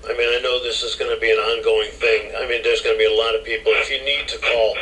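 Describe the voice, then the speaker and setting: Male radio host, rambling and halting, sharp bright voice, heard distant with faint hiss. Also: mid-range voice, little pitch movement. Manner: rambling, halting, many restarts. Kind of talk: call-in radio talk.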